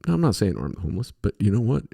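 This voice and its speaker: A man's voice: lowish voice, wildly swooping pitch, racing, vocal fry, warm tone, slightly rough. A middle-aged man hosting a podcast, telling stories in a rambling, profane, casual way with lots of fillers. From western United States. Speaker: podcast host. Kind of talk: casual monologue.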